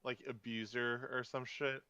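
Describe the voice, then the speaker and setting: A man's voice: medium pitch, little pitch movement, sharp tone, smooth, dry recording, muffled recording. A man reacting to a story reading with crude, swearing jokes in casual chat. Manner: crude, swears often, quick joking reactions.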